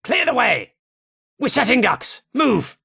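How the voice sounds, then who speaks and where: An actor playing a gruff British soldier loyal to the Queen in a game, barking military commands. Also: a little high, very animated, measured pace, pushed and bright, full character voice. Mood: shouting. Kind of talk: game voice lines.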